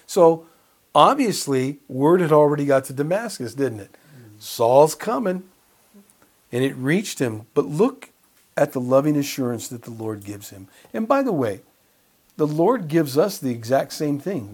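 A man's voice: medium pitch, expressive, moderate pace, a little mellow, slightly rough. A man preaching a conversational sermon and Bible study, chuckling and putting questions to his listeners.

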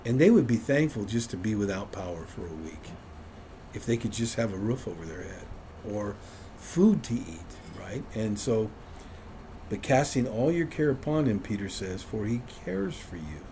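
A man's voice: lowish voice, lively intonation, normal speed, background noise. A man leading an informal Bible study for a small group, conversational and self-deprecating, often chuckling.

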